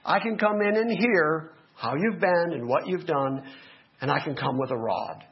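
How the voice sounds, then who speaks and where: A middle-aged male pastor preaching a sermon, animated, with joking asides to the congregation. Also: fairly high pitch, moderate pace. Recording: dull lo-fi recording.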